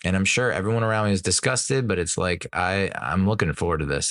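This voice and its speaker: Rambling stories full of profanity and frequent laughs come from this thirtysomething podcast host in a casual storytelling chat. He speaks fairly quickly in a low, fairly bright voice, in a dry studio-quality recording.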